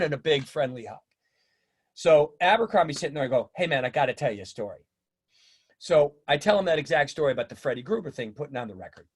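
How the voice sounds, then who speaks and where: A middle-aged man telling stories in a casual interview, animated and acting out the voices of people he quotes. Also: a little high, quick pace, breathy edge. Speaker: drummer and teacher, interview guest.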